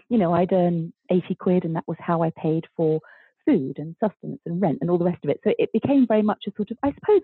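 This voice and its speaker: A woman of fifty, a guest author telling her story in an interview, bubbly and animated, acting out the voices of people she quotes. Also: medium pitch, husky, no room sound. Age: 50s. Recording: thin phone-like line, dry.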